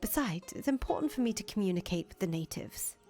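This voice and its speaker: A woman's voice: medium pitch, animated, quick pace, darkish tone, faint music behind, lightly acted. A woman voicing an earnest young foreign traveler who talks chattily and stammers when she gets nervous, in a fan voice acting of a visual novel.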